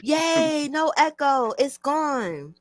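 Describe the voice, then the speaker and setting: A woman's voice: sits high, sing-song, drawn-out words, dry recording. A woman hosting a casual livestream chat, talking to her chat and laughing often. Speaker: livestream host.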